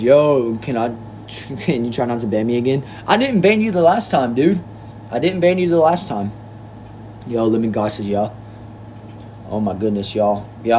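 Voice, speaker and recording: A man's voice: mid-range voice, darkish tone, slight background noise. Laid-back young man reading stream chat. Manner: easygoing, reads chat messages aloud and answers them. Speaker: livestream host reading chat. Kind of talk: casual livestream chat.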